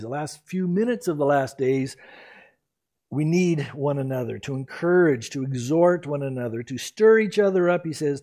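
A pastor preaching a sermon in an earnest, exhorting, emphatic way. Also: male voice, a little high, mellow.

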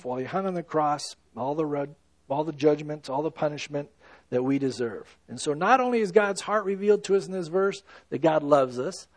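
A man preaching with earnest emphasis, his fairly high voice rising to loud stresses and dropping to hushed, slow lines. The sound is dry and close, with no room echo. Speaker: pastor. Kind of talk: sermon.

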